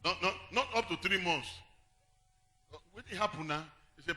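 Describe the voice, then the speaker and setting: A man preaching a sermon as pastor, singing some phrases and shouting others, then dropping low to tell stories. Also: moderate pace.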